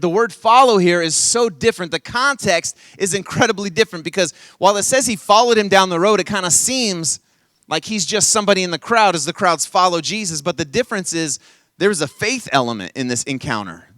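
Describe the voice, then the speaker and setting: A man preaching an energetic youth sermon at a camp session, playfully coaxing the audience to call back lines. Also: high-pitched, no echo. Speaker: camp speaker.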